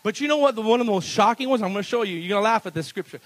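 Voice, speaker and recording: A man preaching a sermon as pastor at a church service, animated and playful, breaking into laughs between bold declarations. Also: high-pitched, very fast, low-quality recording.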